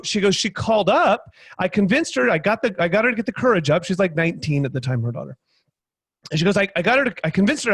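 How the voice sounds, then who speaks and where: A man on a video panel telling a lively story, acting out both sides of a conversation with many quick restarts. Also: high voice, no room sound, studio quality. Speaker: guest panelist, sales trainer.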